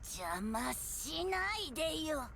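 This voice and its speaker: A woman voicing an eerie young schoolgirl game character who speaks in a quiet, flat, withdrawn way. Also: high voice, measured pace, vocal fry, slight background noise, exaggerated voice. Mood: cold. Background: game music.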